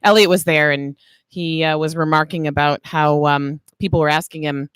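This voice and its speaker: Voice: medium pitch, steady tone, normal speed, fairly bright tone, clear, resonant tone, dry recording. A co-host in casual chat who teases and keeps jumping in. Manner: teasing, chatty, jumps in.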